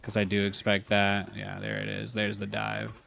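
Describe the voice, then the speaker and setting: Young male streamer, gravelly lowish voice, rambling live game commentary. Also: completely flat delivery, moderate pace, fairly bright tone, soft background music. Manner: chatty, rambling with repeated phrases.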